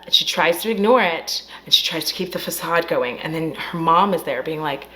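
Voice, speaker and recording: A woman with a slightly low voice tells a horror film's story to her viewers, animated and loose. She acts out the characters' lines in bursts and swears as she goes. A faint hiss sits under the recording. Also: fairly quick, few pauses. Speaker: film reviewer. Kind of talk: casual film recap. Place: at home.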